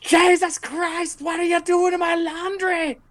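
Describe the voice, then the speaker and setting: A man voicing a cranky dwarf woman who scolds intruders in her laundry room, in a shrill raised voice. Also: little pitch movement, unhurried, a bit bright. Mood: indignant.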